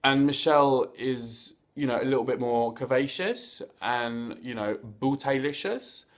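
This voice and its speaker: A man of medium pitch hosting a casual review vlog, talking straight to his viewers. He chats in a playful, campy way, full of slangy asides, and now and then he trips over a word before he finds it again. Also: measured pace. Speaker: host of a reality TV review vlog.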